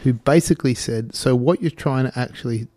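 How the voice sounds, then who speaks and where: A man's voice: mid-range voice, brisk, warm tone, no echo. A man in his fifties hosting community radio, chatting casually between songs and rambling through stories with self-mocking humor. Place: radio studio.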